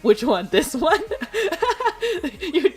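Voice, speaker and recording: A woman's voice: high-pitched, sing-song, very slow, a little mellow, faint music behind. A woman streamer chatting casually with viewers, giggling often and filling her talk with "like" and "you know.". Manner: chatty and giggly, full of filler words. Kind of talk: casual chat.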